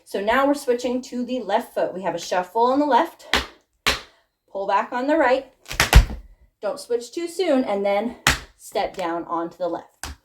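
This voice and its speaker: A woman's voice: fairly high pitch, lively intonation, a little slow, long pauses, background noise. A woman tap dance teacher talking through steps and counting them aloud in a friendly, encouraging way, a bit out of breath. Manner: friendly, encouraging, laughs at her own slips. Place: dance studio. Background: tap shoe clicks.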